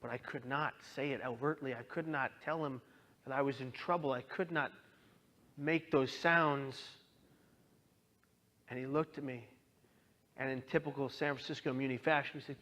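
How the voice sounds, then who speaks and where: A man's voice: medium pitch, steady tone, moderate pace, pauses often, fairly bright tone. A man in his thirties giving an earnest, emotional talk about his own experience, sometimes voicing the people in his story. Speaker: speaker. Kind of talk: personal testimony talk.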